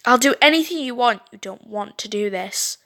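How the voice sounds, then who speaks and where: A woman's voice: a little high, animated, measured pace, a bit bright. A woman reading the lines of a frightened teenage schoolgirl, hesitant and nervous. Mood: pleading.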